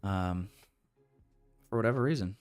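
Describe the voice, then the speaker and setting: A man's voice: fairly low pitch, unhurried, darkish tone, faint music behind. A young man talking casually through a live trading stream, rambling with restarts and sounding frustrated. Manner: frustrated, rambling, restarts, calls viewers boys. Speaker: day trader streaming live.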